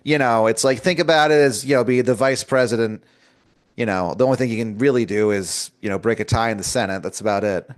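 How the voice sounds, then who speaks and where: A man's voice: mid-range voice, fast, close to an everyday voice. A man voicing a chummy male constellation that talks down from the sky in a raised, offhand, friendly voice. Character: chummy male talking constellation, casual cosmic herald.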